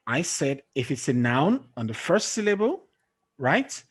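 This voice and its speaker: Slow, husky man teaching a class. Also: on the high side, very animated. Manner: slow, drawn-out explaining with questions to students. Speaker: English teacher. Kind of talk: classroom lesson.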